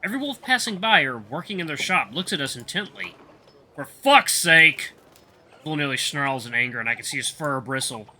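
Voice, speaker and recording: A man reading a story game aloud in expressive first-person narration. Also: medium pitch, fast talker.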